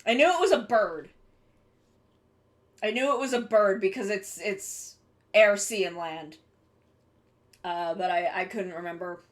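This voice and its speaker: A woman's voice: mid-range voice, measured pace, pauses often. A young woman streaming live, chatting casually with her viewers while she draws, rambling and swearing offhandedly.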